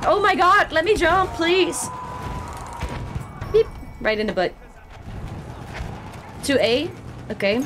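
A woman streamer giving excitable, chatty commentary while playing a shooter game, often exclaiming and laughing at herself. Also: very high voice, slow, long pauses, music in the background. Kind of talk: casual gameplay commentary. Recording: game gunfire loud behind the voice.

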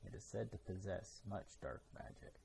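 A man's voice: sits low, animated, moderate pace, gravelly, background noise, full character voice. A man reading aloud, voicing a formal, showy museum director in a storybook. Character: fussy male museum head.

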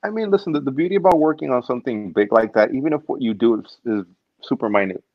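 A man's voice: mid-range voice, fast, no echo, muffled recording. A man guest in a casual interview, telling stories and acting out what people say. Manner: animated storyteller, acts out quotes. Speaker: stunt performer guest.

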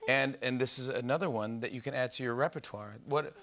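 A man hosting a late-night talk show, excitable and quick to exclaim, chatting with a guest in a TV studio. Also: medium pitch. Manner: excitable, exclaiming, fast back-and-forth. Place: TV studio with live audience. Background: faint studio audience.

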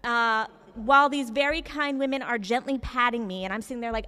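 A young woman telling a personal story on stage in an animated, self-mocking, conversational way. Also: fairly high pitch, brisk, hardly any pauses, clear, resonant tone. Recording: reverberant hall.

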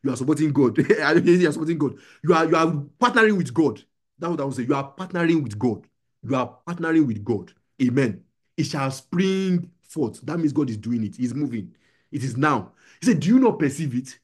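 His voice is husky, a little mellow, and on the high side. A young adult male pastor, he preaches to a small gathering, exhorting them and repeating his lines in call-and-response.

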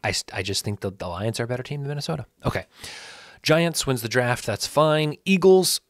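A man hosting his own sports channel, thinking aloud in a loose, self-correcting ramble that turns animated when he rants. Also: mid-range voice, a little fast, no room sound, clean studio sound. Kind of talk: casual solo commentary.

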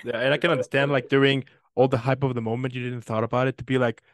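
Dry-voiced host, halting questions. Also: male voice, mid-range voice, flat delivery, no room sound. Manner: short reactions, halting questions. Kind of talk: casual interview.

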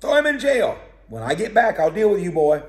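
A hot-tempered ancient king barks orders in a voice pushed well above its usual register, as a preacher acts him out. The shouting bounces around an echoey room. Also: high voice, very animated, fairly quick, voice pushed up. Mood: angry, commanding. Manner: shouting, threatening.

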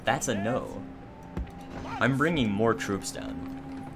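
A man giving casual gameplay commentary as a let's play host, joking and sarcastic with mock-dramatic complaints. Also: fairly low pitch.

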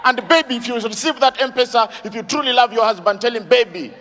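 A man doing an animated stand-up comedy routine, shouting his punchlines and acting out characters. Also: extremely high pitch, brisk. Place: live comedy stage. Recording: live stage with audience noise.

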